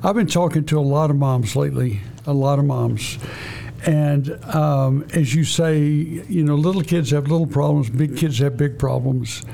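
A man's voice: on the high side, moderate pace, vocal fry, mellow. A man co-hosting an interview, putting a thoughtful closing question to the guest. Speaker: co-host. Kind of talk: casual faith interview talk.

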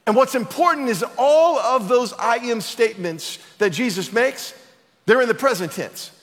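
A man's voice: very high-pitched, expressive, normal speed, fairly bright tone. A man preaching a sermon as pastor, emphatic and building to passionate declarations. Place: church auditorium. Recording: long reverb of a large hall.

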